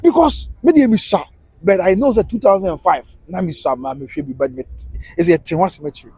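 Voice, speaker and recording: A Ghanaian man holds forth on a live stream, his fairly high voice a little husky. He rants in quick bursts, switching between Twi and English as he talks football. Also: animated, a little mellow, no echo, rough recording. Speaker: livestream football commentator. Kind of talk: casual live commentary.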